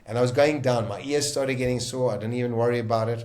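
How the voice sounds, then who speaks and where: A South African man, a podcast guest, vividly retelling a dramatic survival story in the first person, emphatic and quick to restart his sentences. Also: mid-range voice, steady tone, a little mellow.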